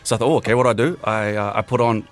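A man's voice: mid-range voice, rapid-fire, faint music behind. A man, a podcast host chatting casually and rambling through a story. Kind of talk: casual chat.

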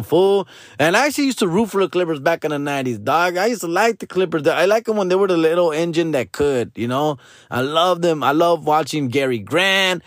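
This man's voice sits fairly high, captured in a clean studio with no room sound. He's a Los Angeles sports fan vlogger ranting casually to the camera, full of slang and swearing, and he keeps addressing the listener as "dog" or "fool."

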